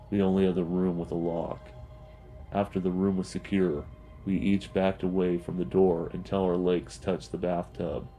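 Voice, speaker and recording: A man narrating a horror story in a grim, steady storytelling manner. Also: sits low, low-quality recording.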